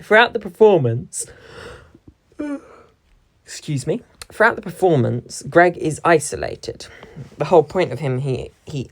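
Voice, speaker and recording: A young drama performer with a low voice gives a reflective analysis of a stage scene. She stays analytical, stressing important words as she quotes lines.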